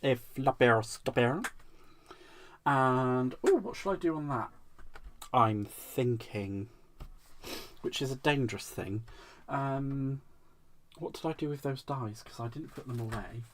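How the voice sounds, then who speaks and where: Casting: male craft host, mid-pitched, playful, self-chatting, light faint hum behind. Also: expressive, a little slow, pauses often. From United Kingdom. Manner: chatty and playful, talks to himself and viewers with giggles and silly repeated words. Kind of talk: casual live crafting chat.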